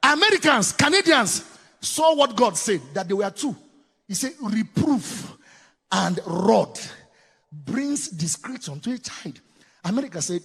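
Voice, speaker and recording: A man with a Nigerian accent giving a preaching-style talk on parenting, swinging from loud exclamations to low asides. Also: sing-song, measured pace, vocal fry, husky. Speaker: parenting speaker. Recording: long hall reverb.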